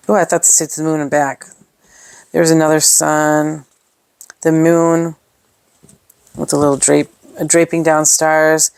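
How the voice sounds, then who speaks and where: A scrapbooking product reviewer chats through a casual unboxing, gushing over each piece and thinking aloud with fillers. Her low, creaky voice barely moves in pitch, a little slow and a little mellow, with frequent pauses. The tone is clear and resonant, with no echo.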